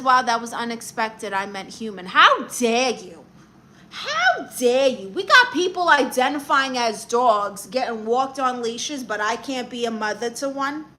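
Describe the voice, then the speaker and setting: This livestream host gives comic advice in a brassy Brooklyn accent, her fairly high voice carrying a bright, sharp edge. Reading out viewer comments, she's blunt and sassy and keeps calling folks "honey." A slight hiss sits beneath the audio.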